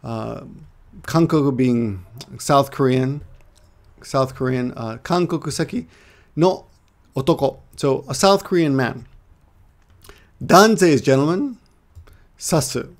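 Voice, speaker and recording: In a casual online lesson, a man with a mid-range voice teaches Japanese to English speakers, explaining things step by step and repeating words slowly.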